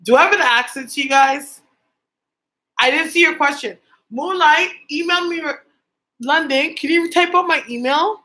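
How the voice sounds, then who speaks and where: A young Canadian woman hosts a livestream as a psychic medium, chatting casually with viewers and reading their comments aloud. Her high-pitched voice sounds pushed and bright at a moderate pace, and the recording quality is low.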